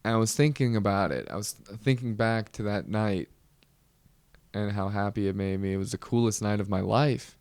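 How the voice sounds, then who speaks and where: A young man hosting a podcast, telling a comedic story with animated, exasperated outbursts. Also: lowish voice, moderate pace, no echo. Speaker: podcast host.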